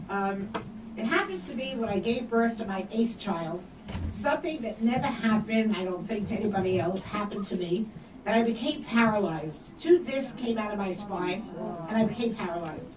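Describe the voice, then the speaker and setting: An older woman telling personal stories to an audience, acting out the dialogue with lively emphasis. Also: medium pitch. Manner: animated storyteller acting out quoted dialogue. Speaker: guest speaker. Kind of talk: storytelling talk. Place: hall or room at a community event. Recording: echoey room from a distance, background noise.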